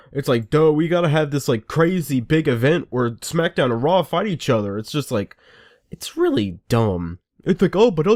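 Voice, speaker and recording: A man giving a casual, rambling and sarcastic review rant, full of restarts. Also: mid-range voice. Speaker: wrestling reviewer.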